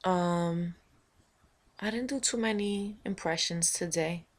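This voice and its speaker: A woman from Montana talks straight to camera in a loose, rambling vlog. She muses aloud, playful and a little kooky, with a lowish voice. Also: slow pace. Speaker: vlogger.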